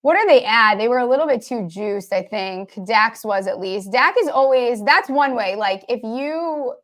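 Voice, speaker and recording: A woman's voice: on the high side, animated, moderate pace, fairly bright tone. A woman co-hosting a sports betting show in casual chat, chatty and rambling with lots of fillers. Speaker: sports betting podcast co-host.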